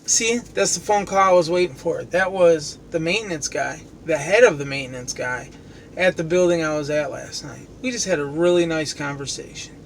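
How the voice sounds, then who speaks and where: A man's voice: on the high side, normal speed, gravelly. A man who cleans commercial kitchens, venting in a heated, profane, sarcastic rant. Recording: steady traffic and car noise behind.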